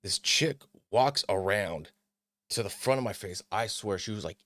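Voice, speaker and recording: Low-voiced man riffing on an article. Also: a little slow, no room sound. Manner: animated, mocking impressions of others. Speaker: podcast host. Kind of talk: casual commentary reading an article.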